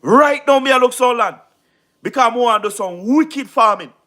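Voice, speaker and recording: A Jamaican man with a very high, bright voice, chatting on a casual livestream. He talks emphatically, repeats his points and keeps checking that you understand. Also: animated, moderate pace. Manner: repetitive, emphatic, keeps asking "you understand what I mean?". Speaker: livestream host.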